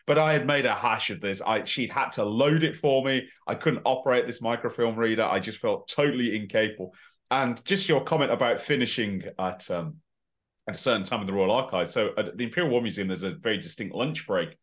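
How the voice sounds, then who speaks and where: A man's voice: on the low side, fairly quick, a bit bright. A man co-hosting a history podcast, telling a self-deprecating story in a casual, chatty way. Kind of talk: casual anecdotal chat.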